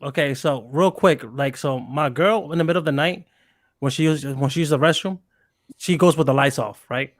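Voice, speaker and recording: High-voiced animated young man. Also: moderate pace, no echo. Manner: animated, profane, acts out quotes loudly. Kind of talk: casual storytelling chat.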